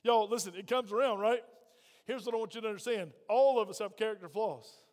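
High-voiced preacher in a reverberant church. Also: male voice, fairly quick, a little mellow. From Virginia. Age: middle-aged. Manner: folksy, direct, calls on congregation. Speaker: pastor. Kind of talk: sermon. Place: church sanctuary.

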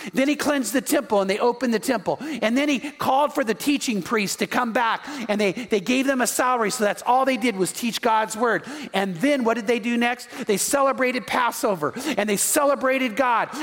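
A man with a notably high voice preaches a sermon, leaning on emphatic rhetorical questions and reading passages of Scripture aloud. His voice rings out with a long reverb, as in a big hall. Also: fairly bright tone. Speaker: pastor.

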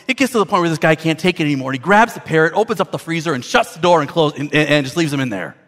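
A man's voice: a little high, animated, quick pace, few pauses, fairly bright tone. A man preaching a sermon as a pastor, conversational and storytelling, often repeating words as he builds a point.

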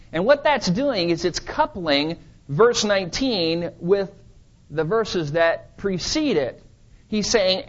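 A man with a high voice preaches an expository sermon. He guides his congregation through a Scripture passage verse by verse. The recording sounds muffled and lo-fi. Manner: expository, walks listeners through a Bible text verse by verse. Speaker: pastor.

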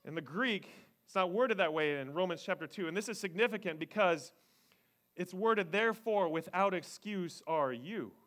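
A man preaching a sermon as pastor, animated, swinging between loud emphasis and hushed near-whispers. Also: sits high, moderate pace. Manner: acts out voices of people he quotes, joking.

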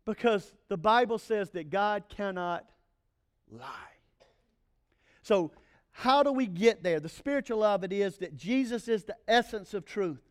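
A male pastor preaching a sermon, animated and playful, with joking asides to the congregation. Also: high voice, measured pace.

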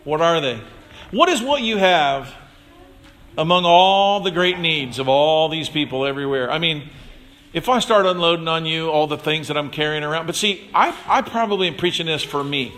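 A man's voice: expressive, normal speed, a bit bright, slight background noise. A man preaching a sermon in a conversational way, calling on listeners by name and acting out the voices in the stories. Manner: conversational, addresses congregation members by name; acts out quoted voices with big pitch swings. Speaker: pastor.

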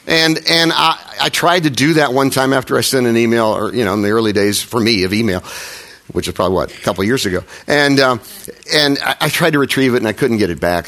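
This middle-aged man, serving as pastor, delivers his sermon quickly in a medium-pitched, fairly bright voice. He keeps it chatty and pokes fun at himself, often starting over and acting out brief quotes.

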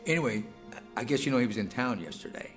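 An eager blind man, played by a man in a video, tells his story with a lively, rising and falling voice. He talks casually and jokes at his own expense. Faint music plays under the recording. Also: medium pitch, quick pace, lightly acted. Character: blind man seeking healing, hopeful and chatty. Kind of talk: dramatic monologue.

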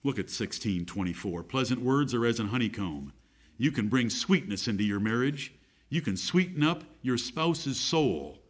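A middle-aged man preaching a sermon, reading scripture aloud and repeating key phrases for emphasis. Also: mid-range voice.

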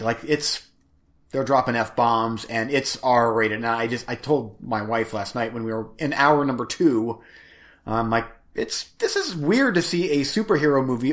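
A married man co-hosting a casual podcast, easygoing and rambling with a self-deprecating manner. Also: medium pitch. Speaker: podcast co-host. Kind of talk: casual chat.

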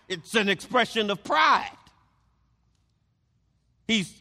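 Male preacher, high-pitched and slow, emphatic with stammered repeats, echoing hall. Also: pushed and bright. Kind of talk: sermon.

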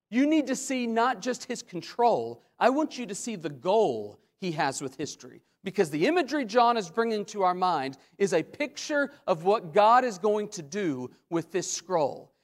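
A man preaching a sermon as a pastor, with dramatic swings between loud questions and hushed asides. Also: sits high. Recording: long hall reverb.

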